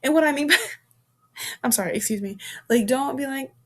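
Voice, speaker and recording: A woman's voice: sits high, normal speed. A woman in her twenties hosting a podcast, talking in a casual, chatty way full of fillers and restarts, frank and playful with mild swearing. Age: 20s. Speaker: podcast host. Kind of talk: casual chat.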